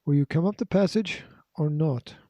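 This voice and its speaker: A man doing a threatening gunman in a storybook, barking out warnings in a raised, forceful voice. The tone is very dark and mellow, and the recording is dull and lo-fi. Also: on the high side, moderate pace, no echo, close to an everyday voice. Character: menacing armed male villain, threatening.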